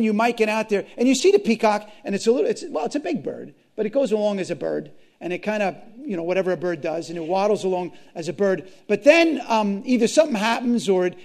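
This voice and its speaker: A man preaching a sermon to his congregation, impassioned, swinging from loud to hushed and repeating phrases. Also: sits high, gravelly. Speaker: pastor.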